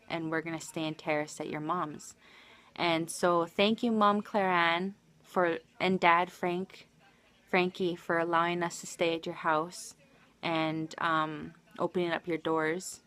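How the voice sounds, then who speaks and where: Lady on a livestream retelling her story, kinda low voice, emotional and rambly. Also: a bit bright. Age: adult, married. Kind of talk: casual personal storytelling.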